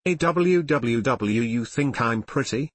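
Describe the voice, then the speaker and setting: Boastful playful teenage boy, read by a man; sarcastic, lively, dry close sound. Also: mid-range voice, unhurried, no room sound. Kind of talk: audiobook reading of fan fiction.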